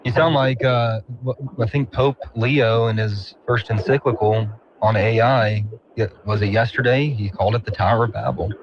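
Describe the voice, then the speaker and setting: A man's voice: on the low side, steady tone, normal speed, hardly any pauses, dull audio. Male co-host, short remarks, background noise. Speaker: radio co-host. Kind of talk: talk radio chat.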